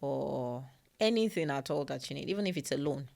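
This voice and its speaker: A woman's voice: extremely low pitch, expressive, fairly quick, creaky, darkish tone. A woman from Nigeria, co-hosting a podcast, tells a personal story in casual conversation, earnest and often repeating phrases for emphasis. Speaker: podcast co-host. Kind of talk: casual chat.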